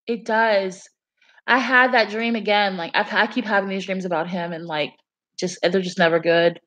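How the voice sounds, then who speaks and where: A woman's voice: medium pitch, steady tone, normal speed, fairly bright tone. A young woman chatting casually on a livestream, telling a story in a rambling way full of fillers. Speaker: livestream host.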